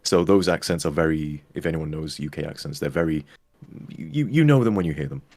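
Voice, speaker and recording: A man with a northern English accent and a very deep voice chats on a live stream. He jokes and rambles through his explanations. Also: lively intonation, fairly quick, a little mellow, no room sound. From North West England. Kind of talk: casual chat on a live stream.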